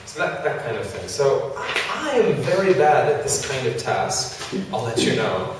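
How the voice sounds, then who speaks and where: A man teaching an English grammar lesson in a classroom, explaining in a relaxed, chatty way with self-deprecating asides. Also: mid-range voice, normal speed. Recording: echoey classroom from far off, faint noise.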